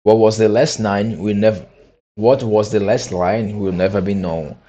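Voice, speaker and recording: Brief: male amateur audiobook reader, low and warm, stumbles and re-reads lines. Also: steady tone, a little slow, highs cut off. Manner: frequent restarts and re-read phrases. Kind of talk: amateur storybook reading.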